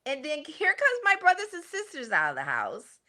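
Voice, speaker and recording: A woman's voice: high-pitched, normal speed. A woman in her sixties, a mother telling family stories in a casual chat, laughing often. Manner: animated, laughing storyteller. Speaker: guest, the host's mother.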